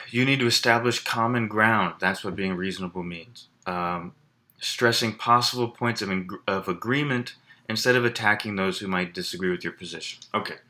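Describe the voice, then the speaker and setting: A man with a low voice and a sharp tone teaches a college writing class in a recorded lecture. As an English instructor, he explains things conversationally, with fillers and restarts.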